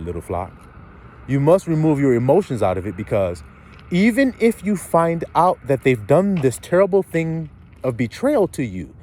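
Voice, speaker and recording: A man delivers a blunt, profane sermon, firing question after question at his listeners. His pitch leaps high and drops low as he builds each point. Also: darkish tone. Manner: blunt, profane street preaching with rhetorical questions. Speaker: preacher.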